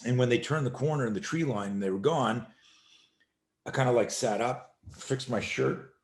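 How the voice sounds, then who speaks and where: A middle-aged man, a self-defense instructor, telling an animated story as a podcast guest and acting out the voices in it. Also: mid-range voice, normal speed.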